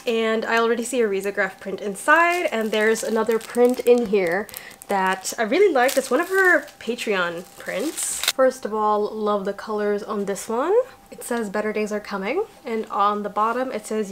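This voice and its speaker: A woman's voice: on the high side, slight background noise. Bubbly young woman unboxing a parcel. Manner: chatty, bubbly, talks to the viewer as she unpacks. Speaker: vlogger. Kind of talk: casual unboxing vlog.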